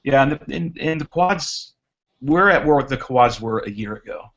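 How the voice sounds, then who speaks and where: A man's voice: mid-range voice, animated, moderate pace, a bit bright. Male racing guest, chatty storyteller, mid-range voice, dull video-call sound. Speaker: guest drone racer. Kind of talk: casual chat on a live hangout.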